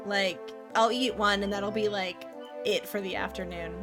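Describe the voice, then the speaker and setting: A Dutch woman streams a game and chats away casually, bubbly and talkative as she reads the chat out loud. Her voice sits at a medium pitch with a steady tone and normal speed, and loud music plays behind her.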